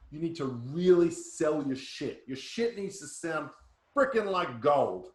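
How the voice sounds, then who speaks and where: Punchy sales coach. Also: male voice, on the high side. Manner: punchy, keeps checking in with listeners. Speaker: sales trainer. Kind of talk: workshop coaching. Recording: roomy echo.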